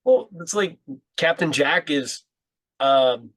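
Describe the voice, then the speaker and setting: A man's voice: fairly high pitch, lively intonation, takes it slowly, fairly bright tone, no room sound. A man guesting on a podcast, telling stories in a laid-back, rambling way and laughing often. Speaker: podcast guest, mask maker. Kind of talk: casual chat. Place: podcast studio.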